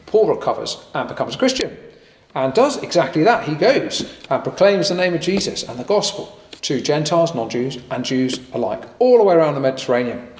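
A man preaching a sermon in a lively, conversational way with occasional fillers and jokey asides. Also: a little high, a little fast, a little hiss or hum. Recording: echoey hall with long reverb.

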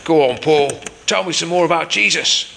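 A man's voice: fairly high pitch, moderate pace, vocal fry, pushed and bright, slight background noise, full character voice. A man voicing a curious, gossipy male Roman prison guard with a put-on accent. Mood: chatty.

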